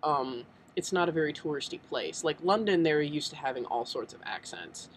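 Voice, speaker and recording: A man's voice: on the high side, lively intonation, normal speed, slight background noise, poor audio. A young American man chatting casually in a vlog, rambling and full of ums. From United States. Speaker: vlogger.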